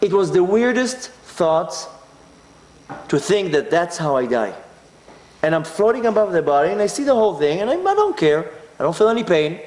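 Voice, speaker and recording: With a voice that sits high, an Israeli speaker animatedly tells a personal story in a talk, performing his own inner voice. His speed is normal, and the recording carries reverb.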